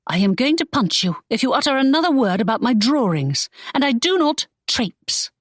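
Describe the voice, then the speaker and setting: A woman's voice: on the high side, big pitch swings, moderate pace, dry recording, studio quality, voice pushed up. A woman reading an audiobook, voicing a spirited young woman who protests in exasperation. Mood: indignant. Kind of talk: audiobook character voice.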